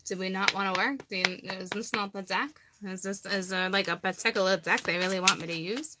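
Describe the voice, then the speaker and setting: A woman's voice: mid-range voice, steady tone, brisk, very noisy. A woman from Massachusetts with a Massachusetts accent, chatting casually and rambling on a live tarot stream, often repeating herself. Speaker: tarot card reader on a livestream.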